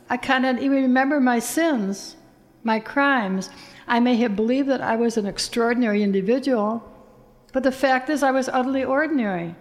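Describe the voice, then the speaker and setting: Woman reading a literary story aloud. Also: on the high side. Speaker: narrator.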